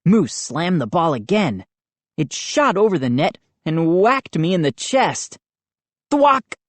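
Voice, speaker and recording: A woman narrating a children's horror audiobook in an expressive, unhurried reading. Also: low-pitched, no room sound. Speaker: audiobook reader.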